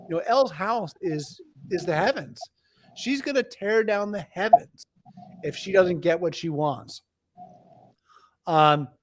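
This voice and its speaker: A middle-aged man with a somewhat high voice talks as an interview guest. He tells stories with animation and often restarts his sentences. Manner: animated storyteller, frequent restarts. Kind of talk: conversational explaining.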